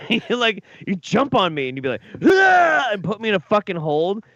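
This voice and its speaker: A man's voice: high voice, fairly quick, highs cut off. Profane rowdy man telling stories. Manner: profane, animated, acts out drunken quotes. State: drunk. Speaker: co-host. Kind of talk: rowdy storytelling chat.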